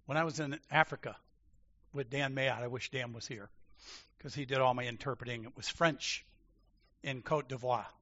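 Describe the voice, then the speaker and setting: A man preaching a sermon, emphatic and animated, swinging from loud declarations to quiet asides. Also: mid-range voice, normal speed, pauses often. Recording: dull lo-fi sound.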